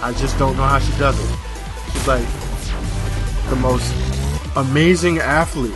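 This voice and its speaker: A man's voice: mid-range voice, unhurried, vocal fry. A young man giving casual let's-play commentary, rambling and joking between fillers. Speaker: gamer. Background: game music.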